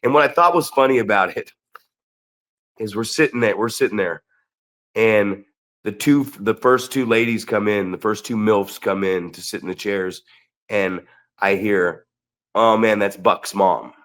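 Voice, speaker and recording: A man co-hosting a wrestling podcast, telling stories in an animated, excitable way with lots of restarts. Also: fairly low pitch, normal speed. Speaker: podcast co-host and wrestling promoter. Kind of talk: casual storytelling chat.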